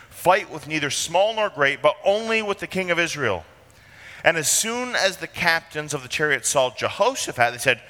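Brief: male pastor, bright and forceful tone, conversational sermon full of rhetorical questions, long reverb in the church. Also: a little high. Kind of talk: expository sermon.

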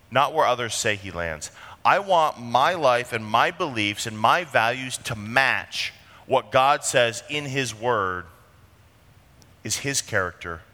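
Bright-voiced man preaching in a hall. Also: mid-range voice. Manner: earnest preaching, drawing out key phrases slowly. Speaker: pastor. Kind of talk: sermon. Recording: long reverb of a large hall.

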